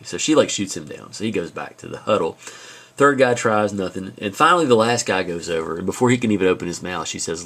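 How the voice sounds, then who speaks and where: A male high school teacher giving a recorded video lecture, telling stories in a conversational way with frequent asides. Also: animated, fast, fairly bright tone.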